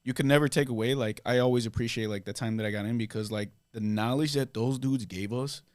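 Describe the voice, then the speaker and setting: A man's voice: mid-range voice, quick pace, no room sound, clean studio sound. An American man in his thirties, a podcast guest, chatting casually and agreeing a lot, swearing freely. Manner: easygoing, many affirming "yeah"s, swears casually. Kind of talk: casual chat.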